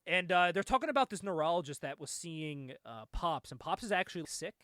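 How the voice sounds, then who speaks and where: A man's voice: a little high, expressive, brisk, pushed and bright, dry recording. A young man casually retelling a comic book story on a podcast, laid-back, laughing often and filling his talk with "like.". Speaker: podcast co-host.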